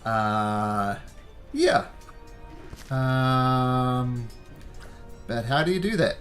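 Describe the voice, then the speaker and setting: Male game master, mid pitch, patient rule explanations, laid-back table narration. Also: very slow, soft background music. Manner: calm, explains rules patiently.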